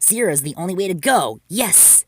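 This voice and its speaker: A man playing shrill melodramatic young girl, very high pitch, wild swings, dry storybook voice. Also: lively intonation, moderate pace. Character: excitable girl, melodramatic dark servant.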